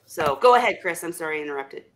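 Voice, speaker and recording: A woman hosting a casual video call chat, talking in a chatty, rambling, animated way. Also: low voice, fast talker, a little hiss or hum. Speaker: host.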